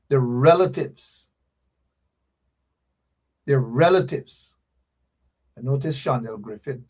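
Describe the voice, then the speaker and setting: A man hosts a livestream talk show. He speaks straight to his viewers in an animated, teasing way. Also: fairly high pitch, husky.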